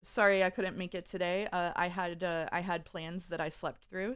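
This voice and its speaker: This streamer has a lowish, clean, slightly bright voice with a flat delivery, a moderate pace, and few pauses. Chatting casually with her viewers, she reads their messages aloud and giggles often.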